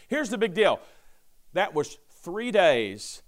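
A man preaching a sermon, reading scripture aloud with lively asides and a touch of sarcasm. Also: sits high, slow. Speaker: pastor.

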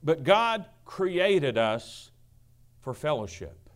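A middle-aged male pastor preaching a sermon, booming then dropping to a hush, acting out quoted voices. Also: big pitch swings, very slow. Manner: swings from booming to hushed, acts out quotes.

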